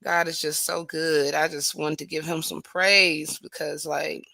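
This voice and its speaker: A woman's voice: deep voice, flat delivery, a little slow, gravelly, bright, forceful tone, dry recording. A woman hosting a casual livestream, greeting viewers by name and praising God often. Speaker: livestream host.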